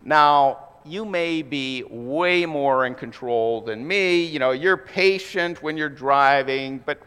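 A man preaching a sermon to his congregation, conversational and lively, asking the room rhetorical questions. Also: on the high side, takes it slowly, clean tone, in a large hall. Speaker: pastor.

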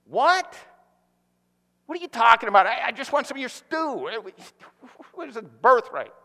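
A man's voice: very high voice, big pitch swings, moderate pace, bright, forceful tone, voice pushed up, exaggerated voice. A man voicing an impulsive, famished hunter who stammers and demands food right now, in a sermon with a reverberant hall sound. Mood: impatient.

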